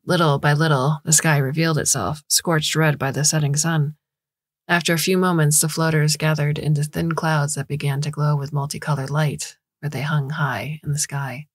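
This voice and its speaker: Low, husky woman reading a story. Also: little pitch movement, moderate pace, no room sound, studio quality. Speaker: story narrator. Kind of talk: scripted audiobook narration.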